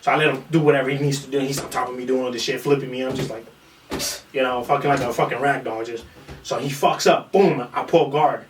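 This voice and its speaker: A man's voice: medium pitch, fast talker, background noise. A man who trains in jiu-jitsu, telling a long story on a casual podcast. He swears freely and acts out what other people said. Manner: animated, profane storytelling that acts out quotes. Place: room in a small podcast setup. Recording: roomy echo, far from the mic.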